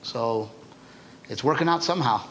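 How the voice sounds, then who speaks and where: A man, a stand-up comedian, telling stories in a casual interview, animated and chatty, often tagging his lines with "right?". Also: mid-range voice, normal speed, a crowd in the background.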